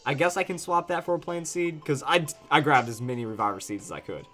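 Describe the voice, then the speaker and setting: A man's voice: fairly high pitch, quick pace, fairly bright tone, soft background music. A man giving casual, chatty, jokey commentary while playing a video game. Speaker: let's play host.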